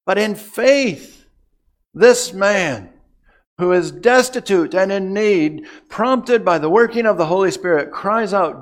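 A man preaching an expository sermon with measured pauses, dropping to a hush and then rising to emphatic declarations. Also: high voice, lively intonation. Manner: dramatic swings from hushed to emphatic; measured delivery with long pauses.

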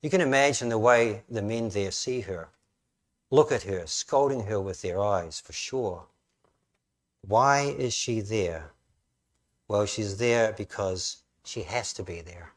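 Man, fairly low voice, pastor, sermon, storytelling, emphatic questions. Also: takes it slowly.

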